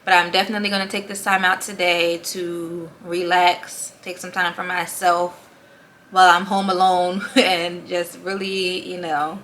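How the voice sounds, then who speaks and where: A young woman talks through a casual vlog update, her voice bright and forward, a little short of breath. She laughs easily between thoughts, and a faint hum of room noise sits behind her. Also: lowish voice, flat delivery, a little slow. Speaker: vlogger.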